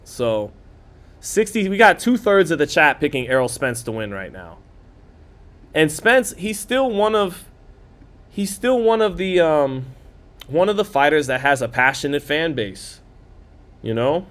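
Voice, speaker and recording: A man's voice: fairly high pitch, lively intonation, fairly bright tone. A man hosting a live boxing watch-party stream, chatting casually, reading viewer comments aloud and calling the fight punch by punch. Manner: quick play-by-play calling of punches.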